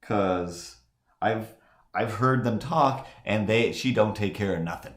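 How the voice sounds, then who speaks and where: During a live drawing stream, a man with a lowish voice tells a long, rambling anecdote at a slow pace in a reverberant space. He fills it with "like"s and restarts and acts out the people in his story.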